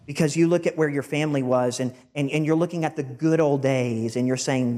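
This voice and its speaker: A pastor preaching a sermon in an earnest, emphatic way, with stumbling repeated words. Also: male voice, on the high side, brisk, few pauses, warm tone.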